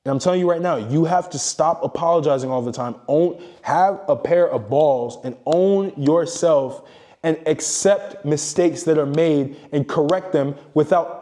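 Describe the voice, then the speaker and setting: A man's voice: a little high, warm tone. Blunt, profane male motivational coach. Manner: blunt, profane, emphatic lecturing. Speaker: self-improvement coach. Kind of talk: motivational monologue.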